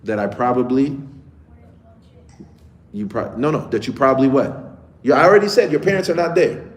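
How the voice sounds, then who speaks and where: A teacher gives children a casual lesson, frequently checking in with the class as he goes. His voice is mid-range at a moderate pace, recorded in an echoey room with faint ambience.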